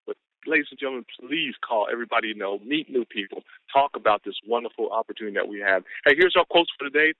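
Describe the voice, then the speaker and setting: A man's voice: medium pitch, no room sound. A man giving an exuberant motivational pep talk on a business call, whooping and calling out to the listeners. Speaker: business caller giving the daily quote. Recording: tinny phone line.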